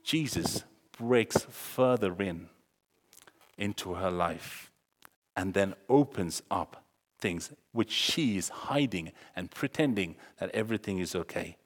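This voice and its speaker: A man preaching a sermon, acting out the story's dialogue with sudden loud exclamations. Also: deep voice, animated, slow. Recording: long hall reverb.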